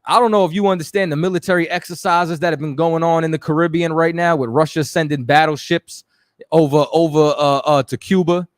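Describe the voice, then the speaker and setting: A man runs a live radio stream in a loose, chatty way, calling out names from the audience. His voice sits a bit high for a man. The sound is close and dry, with no room around it. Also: fairly even intonation, brisk, dry recording. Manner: loose and conversational, shouting out viewers. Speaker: radio show host. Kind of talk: casual live-stream talk.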